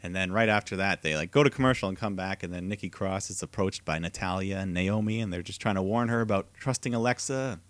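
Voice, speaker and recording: A man's voice: low voice, fast, hardly any pauses, dry recording. A man co-hosting a casual podcast, eagerly retelling events play-by-play and laughing often. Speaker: podcast co-host. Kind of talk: casual recap chat.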